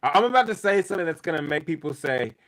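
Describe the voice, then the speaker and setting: A man makes his case on a sports podcast, pressing each point and circling back to it again and again. His voice sits a little high and rings bright and forceful, and he swears freely as he argues. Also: sing-song, racing, rough recording. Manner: emphatic, repeats points for effect, swears freely. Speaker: podcast co-host. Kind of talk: casual sports debate.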